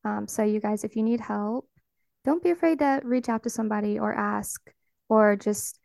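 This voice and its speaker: Woman, podcast host, encouraging, gravelly, dry close sound. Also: medium pitch, normal speed, no echo. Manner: warm, encouraging, speaks to listeners directly. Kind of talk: casual chat.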